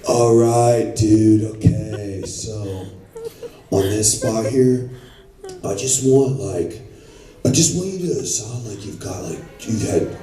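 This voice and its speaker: A man's voice: on the low side, takes it slowly, roomy sound, distant mic, a crowd in the background, voice pushed up. A man doing a chill surfer-dude ad creative. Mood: laid-back. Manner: drawling surfer-dude talk. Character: laid-back male ad agency creative, pushy.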